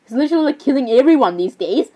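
A woman's voice: high voice, animated, racing, warm tone. A young woman giving rambling, giggly commentary while playing a game, with frequent fillers and asides. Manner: rambling, giggly, says "literally" constantly. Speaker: gamer. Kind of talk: casual gameplay commentary.

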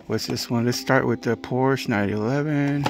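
A man's voice: mid-range voice, fairly even intonation, normal speed, very noisy. A man from California in casual commentary as he walks a hobby store, muttering laid-back reactions and ranting about prices. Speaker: diecast collector vlogger.

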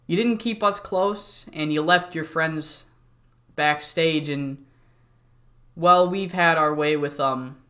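A man voicing a smug, scheming male wrestler who taunts in a drawn-out way. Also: on the high side, bright, forceful tone. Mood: taunting.

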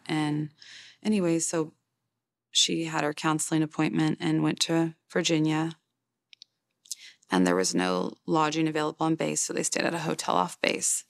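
Gravelly low-voiced woman in her forties. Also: no echo, clean studio sound. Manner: halting and plain-spoken, many fillers and restarts. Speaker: grieving mother interviewed for a documentary. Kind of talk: personal testimony in an interview.

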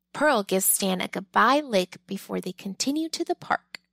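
A woman reading a children's picture book aloud, with gentle, expressive storytelling. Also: medium pitch, moderate pace, vocal fry, few pauses, no room sound, rough recording. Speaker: storybook reader.

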